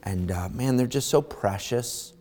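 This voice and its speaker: A male pastor preaching to his congregation in a loose, conversational way. He swings between quiet asides and loud, animated stretches, pushing his pitch up when he acts out a scene. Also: measured pace. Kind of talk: sermon. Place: church sanctuary.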